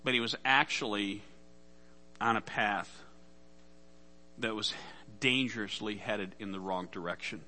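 A man's voice: on the low side, a little slow, long pauses, bright, forceful tone. A man preaching a sermon as pastor, casual and conversational, acting out the voices in Bible stories.

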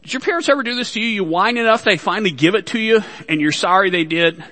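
High-voiced, bright male pastor, hall reverb. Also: quick pace. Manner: folksy, joking asides to the congregation. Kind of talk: sermon.

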